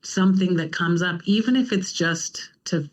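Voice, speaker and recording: A woman's voice: lowish voice, moderate pace, low-quality recording. A woman guest, a runner and mother, telling casual stories and animatedly acting out what people said. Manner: animated, acts out quoted lines. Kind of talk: casual storytelling.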